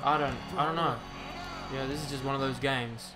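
A young man giving live commentary over his own basketball video game, exasperated and swearing, swinging between loud outbursts and low muttering. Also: fairly even intonation, moderate pace. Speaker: gaming commentator.

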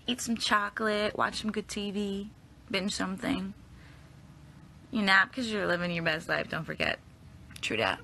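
A woman's voice: mid-range voice, bright, forceful tone, slight background noise. A young woman chatting casually on a phone livestream, tired but upbeat, answering viewer comments. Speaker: actress on a livestream.

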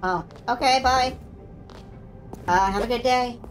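A woman's voice: fairly high pitch, a little slow, soft background music. A woman streaming a video game, chatting in amused asides as she plays. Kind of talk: let's play commentary.

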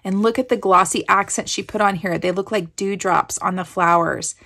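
A woman from Kansas, USA, hosts a crafting channel and unpacks a gift package in a casual show-and-tell, gushing with effusive thanks and breathy exclamations. Her voice is mid-range and a bit bright, with fairly even intonation at normal speed.

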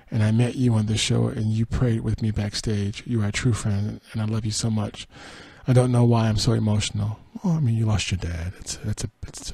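A man's voice: on the low side, gravelly, a little mellow, slightly rough, dry recording. A man hosting a podcast, reading entertainment news aloud and adding dry, sarcastic asides. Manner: reads quotes then adds dry sarcastic asides and laughs. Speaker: podcast host.

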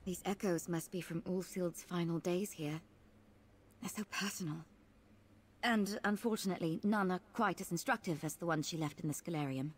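A woman's voice: fairly low pitch, normal speed, breathy edge. An actress voicing an eager, curious young woman scholar companion in a video game, talking with enthusiasm. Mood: thoughtful.

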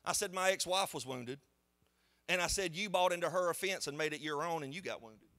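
A man, a pastor preaching a sermon in a church in an animated, conversational storytelling way. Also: fairly high pitch, a little fast. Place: church sanctuary.

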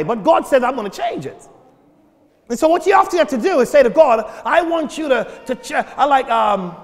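High-voiced shouting preacher in a reverberant church. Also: male voice, vocal fry. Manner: preaching with sudden shouts and acted prayers, repeats words. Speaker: pastor. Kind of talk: sermon. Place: church sanctuary at the pulpit. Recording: long reverb of a church hall.

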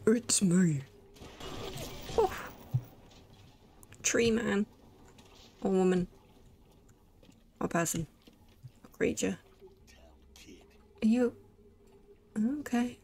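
A woman's voice: medium pitch, extremely slow, gravelly, pauses often, darkish tone. A woman giving chatty, jokey commentary while playing a game, often talking to herself. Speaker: let's play gamer. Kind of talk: casual gameplay commentary.

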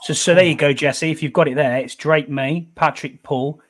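A man's voice: on the high side, fairly even intonation, moderate pace. A man, hosting a casual sports podcast, easygoing and calling everyone "mate" while reading out lists. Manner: easygoing, says "mate" a lot, reads lists steadily. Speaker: podcast host. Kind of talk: casual chat.

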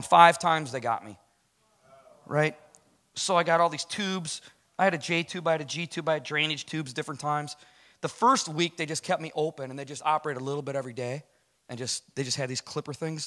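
Brief: quick-talking middle-aged man, fairly high voice, lively church testimony. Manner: storytelling, acts out quotes, casual slang. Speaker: guest speaker giving a testimony. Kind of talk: animated spoken testimony.

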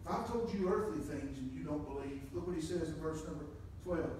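A man preaching a sermon, moving from quiet scripture reading to loud, emphatic points. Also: a little high, brisk, a little hiss or hum. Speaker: pastor. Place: church sanctuary. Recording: echoey room from far off.

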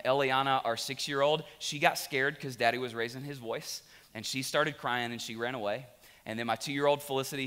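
Bright-voiced pastor preaching in a big hall. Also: male voice, medium pitch. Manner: animated, joking storytelling then quiet confession. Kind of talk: sermon. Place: large church auditorium. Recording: long reverb of a big hall.

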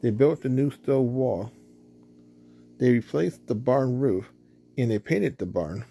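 A man reading a children's storybook aloud, steady with small slips. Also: medium pitch, slow pace, gravelly, husky. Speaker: storybook reader.

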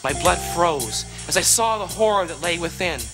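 A man telling a comic story in a wry, deadpan monologue that breaks into high exaggerated squeals. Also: moderate pace, music in the background. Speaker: comedic monologue narrator.

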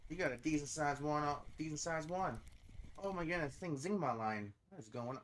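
A man's voice: a little high, fairly quick, fairly bright tone, slight background noise. A man with a Canadian accent giving casual, chatty commentary over a fishing video game, breaking into frequent surprised exclamations. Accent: Canadian English. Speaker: gaming channel host.

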